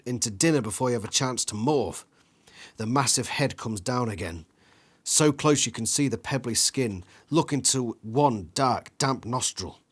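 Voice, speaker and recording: Guy reading a gamebook out loud, does the crash and roar noises himself, stumbles on a word now and then. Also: mid-range voice, husky. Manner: acts out sound effects and screams, some slips; breaks off to think aloud about choices. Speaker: channel host reading a gamebook aloud. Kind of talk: dramatic read-aloud of an interactive book.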